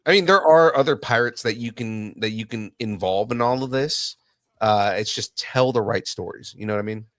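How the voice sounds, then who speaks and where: A man's voice: lowish voice, normal speed, fairly bright tone, dry recording, clean studio sound. A man hosting a casual pop culture podcast, chatting and reading news items aloud with jokes. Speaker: podcast host. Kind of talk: casual chat.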